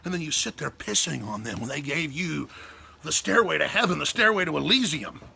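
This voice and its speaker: A Texan man rants through a fiery talk show monologue. His voice is gravelly and husky, bright and forceful. He sits a little above the usual male pitch. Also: lively intonation, brisk, slight background noise. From Texas. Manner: fiery, emphatic, ranting. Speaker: host.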